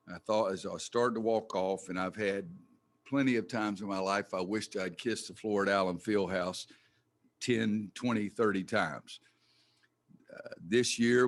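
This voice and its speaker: An older man speaks at a press conference as a head coach. His voice is low and gravelly with plenty of fry, and he talks in a folksy, blunt way, sometimes swearing mildly as he gets worked up.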